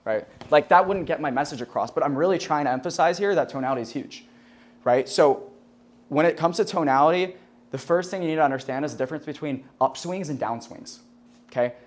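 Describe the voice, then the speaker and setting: A man's voice: on the high side, fairly quick. Chatty young man teaching a class. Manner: loose and chatty, heavy on "like" and "right?"; swears casually and laughs at his own jokes. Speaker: sales trainer teaching a class. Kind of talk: casual classroom lecture. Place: classroom with a live audience.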